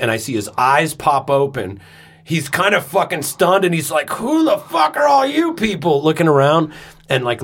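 Animated man telling a story. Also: mid-range voice. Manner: animated, swearing, acts out his own shouts. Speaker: podcast co-host. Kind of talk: casual storytelling chat.

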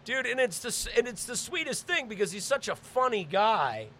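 A man hosting a casual podcast, telling stories with animated, swearing energy. His voice is high and bright, and it swings widely in pitch. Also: moderate pace, slight background noise. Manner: animated, swearing, laughing storyteller. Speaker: podcast host. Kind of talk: casual chat, storytelling.

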